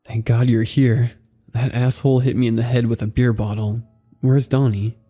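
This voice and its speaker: A man's voice: mid-range voice, flat delivery, moderate pace, dark tone, soft background music, lightly acted. A man voicing a frightened, angry young woman camper who fires off urgent questions in a horror story reading. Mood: shaken.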